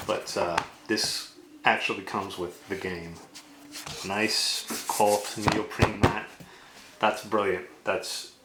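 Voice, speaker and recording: A man's voice: on the low side, background noise. A man chatting casually as he unboxes a board game, rambling with lots of fillers and asides.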